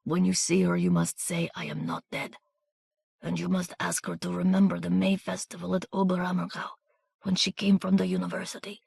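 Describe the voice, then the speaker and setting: A woman voicing a small wounded man, desperate and weak, speaking in a breathy, husky whisper. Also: on the low side, monotone, fairly quick, darkish tone, no room sound, studio quality, pitched above the performer's own voice, heavily acted. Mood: urgent whisper.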